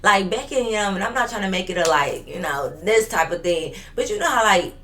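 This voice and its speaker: A woman's voice: medium pitch, animated, brisk, fairly bright tone, a little hiss or hum. A woman in her twenties telling a storytime vlog in an emphatic, profane, fired-up way. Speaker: vlogger.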